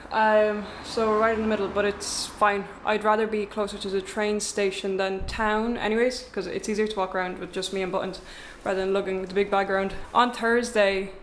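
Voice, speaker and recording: Young girl chatting to her camera, rambly and wry, average pitch. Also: slight background noise. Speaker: travel vlogger. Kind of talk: casual chat to camera. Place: rented apartment, indoors.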